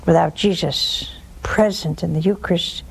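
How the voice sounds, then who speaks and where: A woman's voice: fairly low pitch, fairly even intonation, normal speed, gravelly, a little hiss or hum, low-quality recording. A woman hosting a religious call-in show, preaching emphatically and repeating key words for stress. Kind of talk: preaching on air, taking calls.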